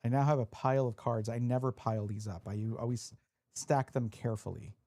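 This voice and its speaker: A man's voice: medium pitch, steady tone, brisk, mellow. A man live-streaming, chatting casually and reading out viewer messages as he opens card packs. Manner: chatty, reads chat aloud, restarts often.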